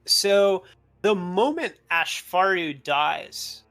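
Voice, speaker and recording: A man narrating a tabletop role-playing game as game master, talking in a relaxed, loose way with fillers. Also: high-pitched, extremely slow, gravelly, soft background music.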